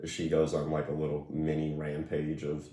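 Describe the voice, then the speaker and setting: A man being interviewed, answering questions in a relaxed, conversational way with plenty of fillers. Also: very deep voice, moderate pace, echoey room, recorded from a distance. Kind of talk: casual conversation.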